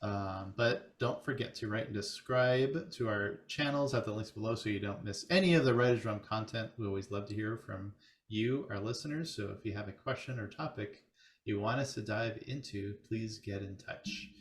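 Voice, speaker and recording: A man's voice: lowish voice, normal speed. A man hosting a podcast in casual chat, upbeat and affirming, and often chiming in to agree. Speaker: podcast host.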